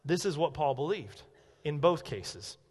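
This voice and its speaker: A man preaching a sermon as pastor, talking animatedly and swinging from quiet asides to loud, emphatic points. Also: a little high, lively intonation, measured pace, husky, long reverb tail.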